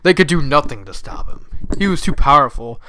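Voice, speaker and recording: A young man who has just woken up reads a fanfiction aloud, adding casual commentary and often dissolving into giggles. His voice is on the high side, expressive, brisk, bright and forceful, and he breaks into laughter easily.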